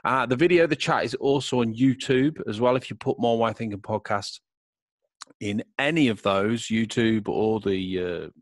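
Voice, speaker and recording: A man hosting a podcast in a chatty, jokey way and laughing loudly. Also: medium pitch, normal speed, no room sound. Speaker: podcast host. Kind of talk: casual podcast chat.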